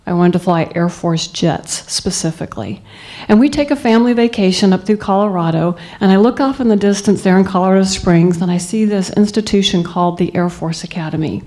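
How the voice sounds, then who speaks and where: A woman's voice: mid-range voice, brisk, a little mellow. A woman in her fifties from Southeast Texas, giving a motivational speech to students and telling her story in an earnest, emphatic way. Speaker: guest speaker.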